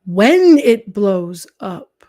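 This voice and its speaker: A woman live streaming, talking in a calm, earnest, reflective way and sometimes dropping into soft whispered asides. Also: medium pitch, very slow, dry recording, clean studio sound. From Canada.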